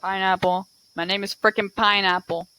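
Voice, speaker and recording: Grumpy talking pineapple, lowered and grumbling, as a woman puts it on. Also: little pitch movement, normal speed, bright, forceful tone, clear, resonant tone, dry recording, natural voice, low-quality recording. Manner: grumbling, deep for her.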